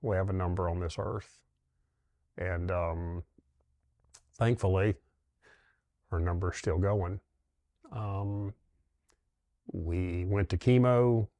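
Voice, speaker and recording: A middle-aged man, a dentist, telling his wife's story in a halting, heartfelt way, with many pauses and fillers. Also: low-pitched, fairly even intonation, dark tone, no echo. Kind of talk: personal reflective storytelling.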